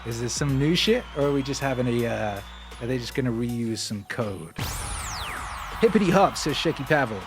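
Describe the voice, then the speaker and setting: A man's voice: mid-range voice, brisk, echoey room, big-room sound. A man hosting a casual livestream, rambling loosely and jokily and reading viewer comments aloud, into a microphone on a stand in his home studio. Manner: loose, rambling and jokey, with playful asides. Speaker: livestream host and musician. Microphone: microphone on a stand in front of him. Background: music playing.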